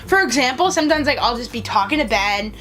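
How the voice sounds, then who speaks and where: Chatty woman with a lively, high voice. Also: quick pace, faint music behind. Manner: chatty, storytelling, frequent "like" fillers. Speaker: vlogger host. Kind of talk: casual chat answering viewer questions.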